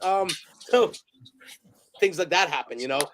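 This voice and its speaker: Guy with a pretty high voice, rambling and swearing through his stories on a podcast. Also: animated, a little slow, a bit bright, a little hiss or hum. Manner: rambling, profane, laughs while telling stories. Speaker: interview guest, photographer and director. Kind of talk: casual storytelling interview.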